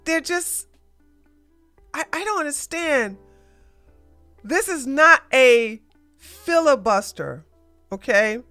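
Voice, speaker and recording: A woman's voice: sits high, very animated, slow, pauses often, pushed and bright, soft background music. A woman hosting a casual political commentary livestream, blunt and ranting, with plenty of slang. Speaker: podcast host.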